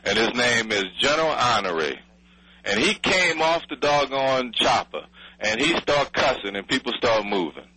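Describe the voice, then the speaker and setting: A man's voice: mid-range voice, expressive, moderate pace, bright, forceful tone, low-quality recording. A man, angry and blunt in a radio interview, swearing and pleading for help. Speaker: city official interviewed by radio. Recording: radio broadcast audio.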